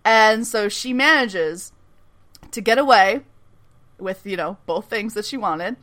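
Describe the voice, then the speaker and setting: A woman's voice: mid-range voice, animated, slow pace, a bit bright. A woman co-hosting a podcast, chatting casually and animatedly as she recaps a TV episode, swearing, laughing often and acting out characters' lines. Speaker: podcast co-host recapping a TV show. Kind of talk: casual chat.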